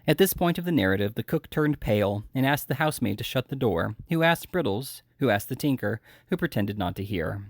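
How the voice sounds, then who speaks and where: A man reading a classic novel aloud as an audiobook, lively and expressive, with small slips and restarts. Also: mid-range voice, fairly quick, hardly any pauses, no room sound. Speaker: audiobook reader.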